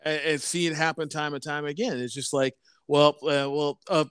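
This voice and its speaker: A man in his thirties co-hosting a casual podcast, who talks in halting bursts and keeps repeating words and restarting his sentences. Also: a little high, fairly even intonation, fairly bright tone, smooth, no echo. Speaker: podcast co-host.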